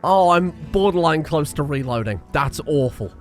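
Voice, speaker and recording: A man giving chatty, excitable commentary while playing a game, swearing often. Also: a little high, a little slow, faint music behind. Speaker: gaming streamer. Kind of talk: casual gameplay commentary.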